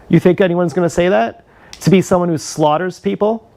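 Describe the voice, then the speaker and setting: Male streamer, higher-pitched voice, heated, profane, rambling rant to camera. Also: fairly quick, dark tone. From Canada. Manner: angry, profane ranting. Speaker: livestreamer. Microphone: action camera.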